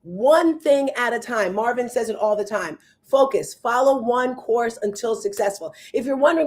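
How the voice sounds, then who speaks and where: A middle-aged woman hosts a live online show in a chatty, conversational way. Her voice sits a little higher than usual, and she keeps turning to her audience and the chat. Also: moderate pace, few pauses. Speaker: host.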